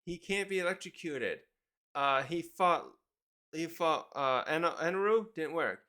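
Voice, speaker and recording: A man's voice: a little high, animated, unhurried, bright, forceful tone. A man casually reviewing a manga chapter, rambling, correcting himself and reading the panels aloud.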